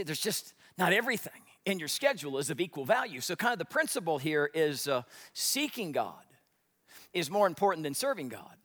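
A pastor preaching a sermon, telling stories with animated delivery and acting out his listeners' voices. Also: on the high side, in a large hall. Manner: animated storytelling, acts out congregants' voices.

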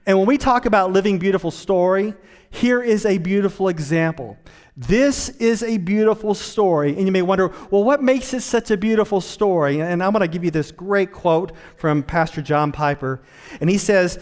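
A man delivering a sermon as a pastor, dropping to quiet asides and rising to loud, emphatic points. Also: normal speed, long reverb tail. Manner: swells from low, quiet asides to high, emphatic preaching.

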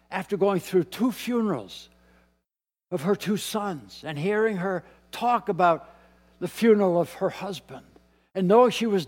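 High-voiced preacher in a reverberant hall. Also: male voice. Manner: swings from hushed asides to loud emphatic preaching. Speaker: pastor. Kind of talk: sermon.

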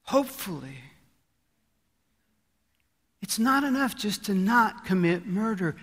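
A man's voice: high-pitched, lively intonation, slow, a bit bright, in a large hall. A male pastor preaching a sermon in an earnest, conversational way, often asking his listeners rhetorical questions.

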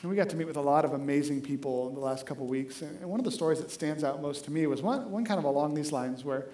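A male pastor delivers a lively sermon with a high voice, talking to the congregation conversationally and checking in with "right?" again and again. The sound is roomy, as though it were picked up in a large echoing sanctuary. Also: fast. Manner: animated, conversational, keeps asking "right?".

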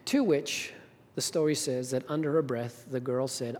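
A man preaching a sermon as pastor, telling a story with emphatic rises and soft drops. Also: mid-range voice, fairly even intonation, moderate pace, slight background noise. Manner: storytelling, rising to emphatic peaks then dropping soft. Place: church sanctuary. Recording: reverberant hall.

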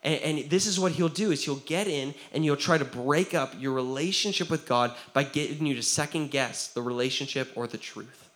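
A man's voice: fairly high pitch, normal speed, hardly any pauses. A young man preaching a sermon as pastor, conversational and earnest, often checking in with "right?" and acting out quoted voices. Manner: acts out quoted voices, drops to a quiet tone for serious stories.

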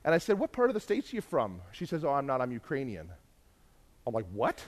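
A man preaching a sermon, telling a lively mission-trip story and acting out the other people's voices. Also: medium pitch, quick pace. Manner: animated, acts out quoted voices, laughs while telling.

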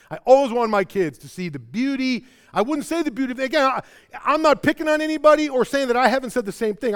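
A man preaching with a Chicago-area accent and a fairly high voice. He swings from loud, emphatic stretches to low, quiet ones, tripping over and repeating words when he gets going. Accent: Chicago-area American. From American Midwest. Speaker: pastor. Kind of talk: sermon.

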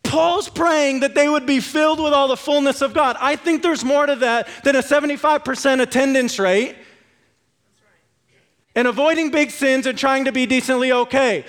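High-voiced impassioned male preacher. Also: a bit bright. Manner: impassioned, rising to fervent peaks. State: out of breath. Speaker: pastor. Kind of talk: sermon. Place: church sanctuary.

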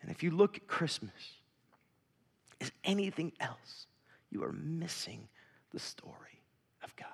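A man preaching a sermon as a pastor, swinging from shouting to hushed whispers. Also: fairly high pitch, very animated, a little slow, creaky, long pauses, husky. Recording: reverberant hall.

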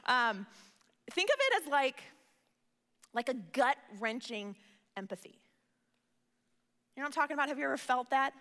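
A woman preaches in a high, bright voice that carries through a reverberant hall. She talks earnestly and conversationally, often doubling words as she begins a thought. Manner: earnest, conversational, repeats words when starting phrases. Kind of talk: sermon.

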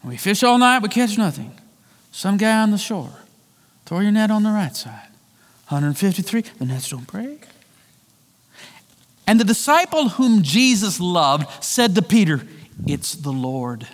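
Guy preaching, high voice, tells the story and does the voices, big hall echo. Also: big pitch swings, moderate pace. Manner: storytelling, acts out quoted voices, shifts from loud to hushed. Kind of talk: sermon. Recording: long hall reverb.

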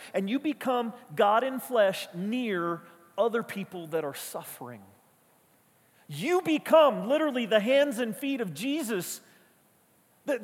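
High, husky-voiced pastor preaching. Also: male voice, big-room sound. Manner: conversational, storytelling, emphatic repetitions. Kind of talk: sermon.

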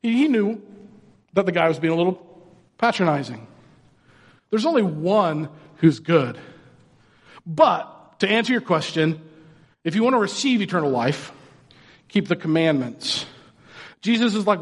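A man's voice: high voice, expressive, normal speed, pauses often, husky. Guy pastor preaching super casual, lots of "like" and "kinda", big hall echo. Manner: casual, conversational preaching with filler words. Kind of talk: sermon.

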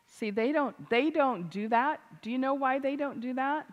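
A woman's voice: sits high, normal speed, dull audio. Grandmother preaching in an echoing hall. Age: older. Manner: animated, rising to loud emphatic exclamations. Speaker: Christian speaker and author. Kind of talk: sermon. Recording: hall reverb.

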